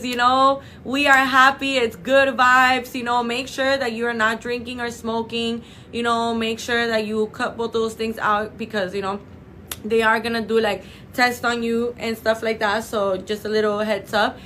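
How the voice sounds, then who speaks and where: A woman's voice: fairly high pitch, fairly bright tone, a little hiss or hum. Gushing young woman on a live stream. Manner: gushing, affectionate, calls viewers babe and girl. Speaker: clinic livestream host. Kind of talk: chatty live stream talk. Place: cosmetic clinic office.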